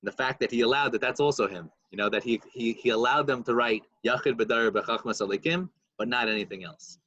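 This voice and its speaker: A man's voice: mid-range voice, brisk, sharp tone, slightly rough, dry recording, dull audio. A man co-hosting a podcast, retelling stories in casual chat and mixing in Hebrew and Yiddish terms. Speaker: podcast co-host.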